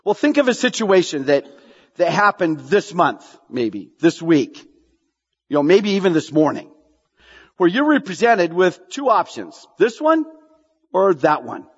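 A male pastor preaching with a high, lively voice that swings widely as he presses questions on the congregation. The sound is dull and lo-fi, with a long reverb trailing off the church walls. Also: a little slow, breathy edge. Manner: animated preaching, repeats lines for emphasis, asks the congregation questions. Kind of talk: sermon.

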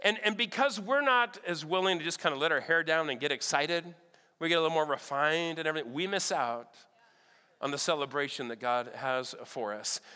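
A man preaching a sermon, telling lively stories in an animated way and checking in with his listeners again and again. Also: fairly high pitch, brisk, smooth. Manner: animated, checks in with "all right?" often. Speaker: pastor. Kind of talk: storytelling sermon. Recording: long hall reverb.

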